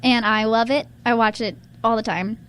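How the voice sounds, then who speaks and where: Giggly high-voiced woman podcaster. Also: fairly even intonation, normal speed, fairly bright tone, smooth. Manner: rambling, giggly, restarts often. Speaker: podcast co-host. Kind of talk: casual chat.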